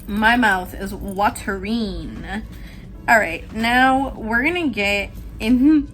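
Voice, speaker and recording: Chatty animated woman tarot reader. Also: a little high, takes it slowly, soft background music. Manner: chatty, animated, swearing, laughing often. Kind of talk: casual tarot reading.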